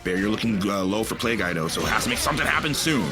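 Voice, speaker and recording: A man commentating a fighting game tournament, excitable and quick to shout at big plays. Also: lowish voice, music in the background.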